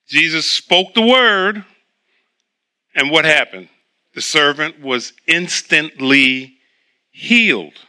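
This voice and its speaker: A man's voice: on the high side, animated, slow pace, long pauses, sharp tone, clear, resonant tone. A man preaching a sermon, reading scripture aloud and then explaining it in a conversational way.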